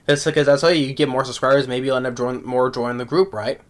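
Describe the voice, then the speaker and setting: A man giving a casual spoken anime review, halting with many restarts and repeated words, laughing often. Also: medium pitch, steady tone. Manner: laughs often while talking.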